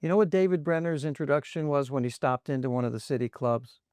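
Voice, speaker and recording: A man's voice: on the high side, darkish tone, clear, resonant tone, no echo, studio quality. Chatty podcast host, a man. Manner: chatty, quick to laugh and join in. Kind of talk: casual podcast chat.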